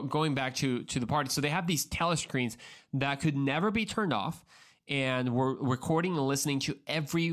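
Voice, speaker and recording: Earnest man hosting a solo podcast. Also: mid-range voice. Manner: earnest, conversational, with frequent restarts and repeated words; addresses the listener directly. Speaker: podcast host.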